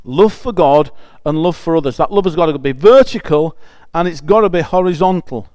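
A man's voice: on the high side, a little fast, darkish tone, no echo. A man preaching a conversational sermon. He reads scripture aloud and explains it in a chatty, emphatic way, often restarting phrases.

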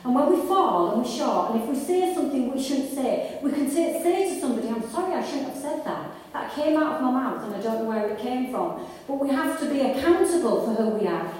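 A woman's voice: sits high, sing-song, brisk, few pauses, a little mellow. A woman preaching a sermon to a congregation, earnest and conversational, with frequent restarts and rising fervour. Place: church hall with congregation. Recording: echoey hall, voice from far off.

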